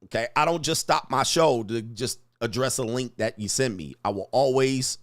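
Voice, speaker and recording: A man hosting a livestream, talking casually with sudden loud bursts and lots of swearing. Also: mid-range voice, dry recording. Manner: rapid shifts between flat talk and sudden loud bursts, profane. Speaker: live stream host.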